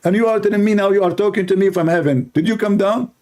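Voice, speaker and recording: Talking fast in a high, darkish voice, a sarcastic Arabic-speaking man from the Middle East offers debate commentary as a Christian apologist. His manner is blunt and mocking.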